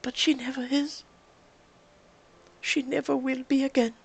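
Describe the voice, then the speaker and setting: A woman voicing a gentle young servant girl in a story game, speaking softly with a wavering voice. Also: high voice, level tone, a little slow, gravelly, breathy edge, pitched above the performer's own voice, heavily acted, low-quality recording. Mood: grieving.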